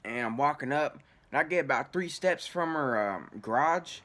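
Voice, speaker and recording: A man's voice: a little high, lively intonation, moderate pace, fairly bright tone. A man telling a story casually, in rambling, profanity-heavy slang. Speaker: vlogger.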